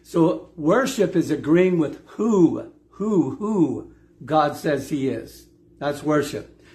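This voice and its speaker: A middle-aged man preaching with a slightly high voice. He stresses and repeats his key points, pausing to quiz his listeners. His delivery is earnest and direct. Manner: emphatic, repeats key phrases, asks the congregation questions. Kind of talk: sermon.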